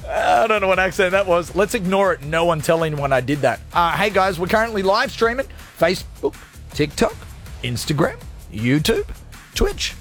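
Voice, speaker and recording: A man's voice: sits high, big pitch swings, normal speed, a bit bright, faint music behind. A male radio host chatting on air in a playful, jokey, rambling way from a studio. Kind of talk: energetic radio show chat.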